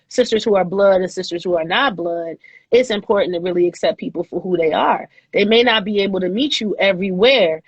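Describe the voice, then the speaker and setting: A woman in her forties, a mother of six, talking thoughtfully and at a measured pace in casual chat about family. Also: mid-range voice, dry recording, lo-fi sound. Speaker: guest.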